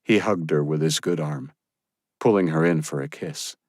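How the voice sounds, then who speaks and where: Deep-voiced male audiobook narrator. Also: moderate pace, a little mellow, dry recording, clean studio sound. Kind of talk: scripted narration.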